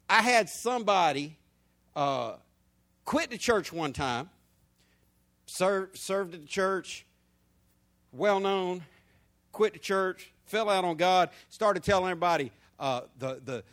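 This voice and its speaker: A male pastor preaching a sermon, asking the crowd questions and rising to shouts. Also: sits high.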